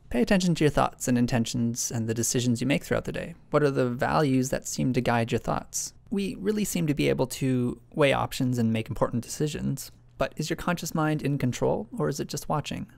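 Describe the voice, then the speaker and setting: Musing man with a gravelly, dry voice. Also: mid-range voice, dry recording. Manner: musing, self-questioning, thinking aloud. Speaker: video essay narrator. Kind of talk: reflective scripted narration.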